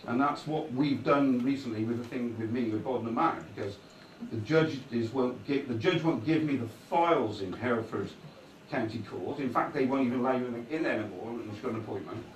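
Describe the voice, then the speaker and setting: A man's voice: mid-range voice, fairly quick, recorded from a distance, a little hiss or hum. Rambling man in echoey hall. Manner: conversational, keeps checking in with "right?". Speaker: guest speaker. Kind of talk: rambling public talk. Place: meeting hall before an audience. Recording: echoey hall recorded from afar.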